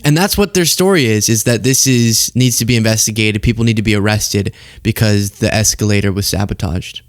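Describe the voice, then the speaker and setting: A man's voice: on the low side, a little fast, dry recording. A man hosting a political commentary show, talking casually and sarcastically with frequent laughter.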